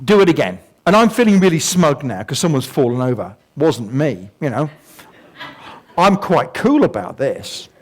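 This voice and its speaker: Man, older, guest speaker, animated storyteller, self-deprecating, high-ish voice, very expressive pitch. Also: normal speed. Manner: animated storyteller, self-mocking, vocal sound effects. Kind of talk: humorous anecdotal talk. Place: museum talk before a live audience.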